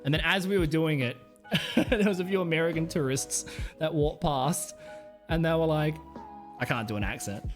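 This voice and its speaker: A man's voice: a little high, normal speed, faint music behind. Rambling crude Australian man. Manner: rambling, crude, laughs often. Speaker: livestreamer. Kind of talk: casual stream chat.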